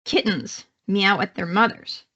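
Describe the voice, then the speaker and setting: A woman's voice: mid-range voice, unhurried, pushed and bright, muffled recording. A woman with a Canadian accent giving a live online psychology lecture in a conversational way, with many fillers and restarts. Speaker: psychology instructor.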